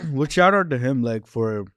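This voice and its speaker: A man co-hosting a casual football podcast, agreeable and quick with short acknowledgements. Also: mid-range voice, animated, gravelly, a bit bright, no room sound. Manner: agreeable, frequent short backchannels. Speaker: podcast co-host.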